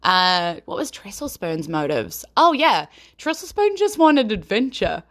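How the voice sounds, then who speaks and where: A woman's voice: medium pitch, very animated, a bit bright. A woman with a New Zealand accent, chatting casually and rambling cheerfully as a podcast host. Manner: chatty and rambling, quick to laugh. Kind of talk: casual chat.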